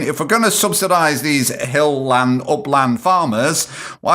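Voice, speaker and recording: A man's voice: a little high, bright, forceful tone. A man hosting a solo podcast, ranting sarcastically and swearing as he rambles between points. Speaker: podcast host.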